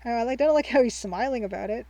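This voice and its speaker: A woman's voice: fairly high pitch, fast, warm tone, dry recording, low-quality recording. A woman streamer and game developer in casual live-stream commentary, chatty as she reads game text and chat messages aloud. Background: faint game music.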